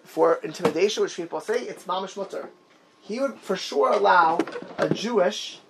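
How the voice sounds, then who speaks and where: Man, torah class teacher, lively swooping pitch, digressive, faint hiss. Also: vocal fry. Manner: animated, digressive, quick bursts of storytelling. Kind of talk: informal Talmud class discussion.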